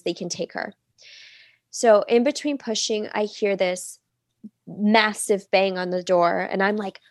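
A woman's voice: mid-range voice, gravelly, no room sound. Chatty woman telling her birth story. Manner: chatty, many "like" fillers, acts out quoted speech. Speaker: podcast guest. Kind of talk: casual personal storytelling.

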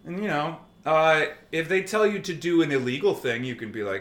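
Slightly high and slightly fast, the voice belongs to an ex-army medic in his thirties who swears liberally while telling casual stories and playing out the dialogue he quotes. The recording is reverberant.

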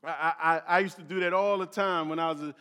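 The man's voice is a little high, fast, pushed and bright yet smooth, with a steady tone. A Philadelphia preacher, he reads and explains scripture in a sermon, stumbling and repeating words, restarting often and using plenty of fillers, all under long hall reverb.

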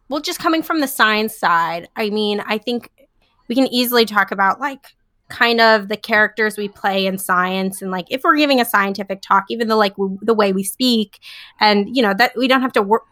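A woman's voice: fairly high pitch, animated, normal speed, bright, forceful tone, dry recording, studio quality. A young woman, a comedian and scientist, chatting casually in an interview with many fillers and frequent laughs. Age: young adult.

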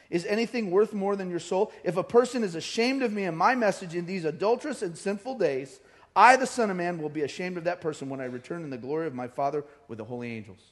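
Animated, high-voiced male preacher. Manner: animated storytelling, acting out quoted voices. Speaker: pastor. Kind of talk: sermon. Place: church hall.

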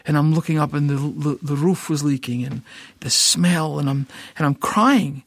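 A man's voice: a little high, normal speed, vocal fry, hardly any pauses, dry recording. A middle-aged Scottish man telling an emotional personal testimony, stammering and repeating words as he tells it vividly. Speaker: ministry founder, guest.

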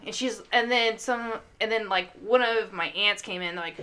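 A bright-voiced woman in a loose podcast chat, sprinkling her family stories with filler words. She talks in a relaxed, rambling way. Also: medium pitch, brisk, few pauses. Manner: chatty storyteller, lots of "like" fillers. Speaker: guest.

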